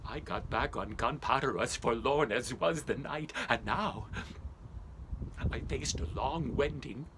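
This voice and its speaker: A male storyteller performing as an old, love-lorn schoolmaster, Ichabod Crane, telling the tale in a theatrical first-person style that drops into hushed whispers. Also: medium pitch, unhurried. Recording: noisy background hiss.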